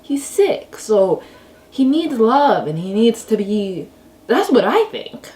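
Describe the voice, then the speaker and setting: A woman's voice: fairly high pitch, big pitch swings, slow, darkish tone. A tired young mother chatting frankly to camera at home in a rambling vlog. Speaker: vlogger, stay-at-home mom. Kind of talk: casual vlog talk to camera.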